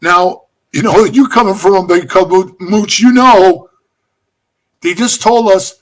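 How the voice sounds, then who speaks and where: Middle-aged male guest, a high-pitched, animated storyteller who swears freely. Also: slow pace. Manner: animated, profane, addresses the host as bro. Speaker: podcast guest. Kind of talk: storytelling in casual conversation.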